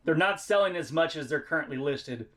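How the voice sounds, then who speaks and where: A man's voice: on the high side, animated, fairly quick. A man vlogging as he unboxes items, chatting casually and thinking aloud about prices and profit. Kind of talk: casual chat.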